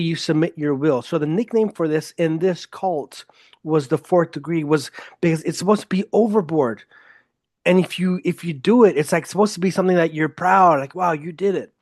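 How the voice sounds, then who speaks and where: A man's voice: a little high, no echo. Blunt, emphatic male podcast host. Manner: blunt, emphatic, openly profane. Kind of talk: casual solo podcast monologue.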